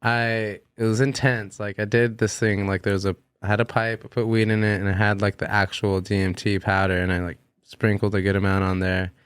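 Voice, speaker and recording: A young man, a podcast guest, telling a long personal story in casual chat, animated and swearing freely as he acts out what he said. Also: on the low side, brisk, hardly any pauses, clean tone, no room sound.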